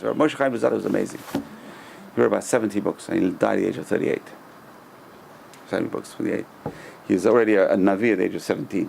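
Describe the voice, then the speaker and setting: A middle-aged rabbi with a gravelly edge to his voice, teaching a class in a loose, chatty way. He tells stories, repeats phrases and chuckles as he goes. A faint hum sits behind him. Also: medium pitch. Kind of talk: Torah lesson with storytelling.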